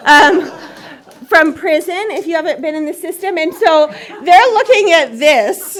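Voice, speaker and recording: A woman's voice: very high voice, expressive, a little slow. A woman sharing her personal recovery story at a meeting, in a chatty, self-mocking way and laughing often. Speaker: AA meeting speaker. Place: meeting hall.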